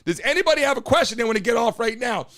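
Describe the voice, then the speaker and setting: Brash, hoarse-voiced male talk show host. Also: very high-pitched, expressive, very fast. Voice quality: a bit hoarse, froggy. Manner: loud, brash, swearing, talks to chat. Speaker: host of a live call-in show. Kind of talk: live streamed talk show.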